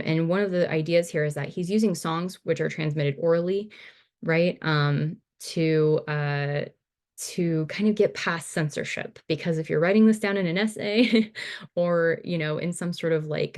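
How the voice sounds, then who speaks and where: A woman teaching over slides in a relaxed, casual manner, full of fillers and restarts. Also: sits low, a little slow. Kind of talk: recorded slide lecture.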